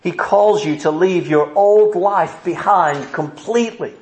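A man's voice: high voice, a little slow, darkish tone. A man preaching a sermon at a church service, earnest and driving his points home with rhetorical questions. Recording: roomy echo.

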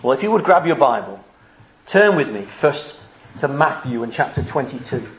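A man's voice: medium pitch, very animated, moderate pace. A man preaching a sermon, earnest and emphatic, acting out the people he quotes. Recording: echoey room.

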